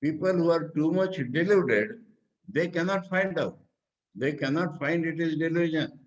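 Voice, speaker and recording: Here a monk and teacher, a man who speaks Indian English, offers a spiritual talk on scripture with a somewhat high voice. Asking questions aloud, he answers each one at a slow, explanatory pace. The sound is muffled.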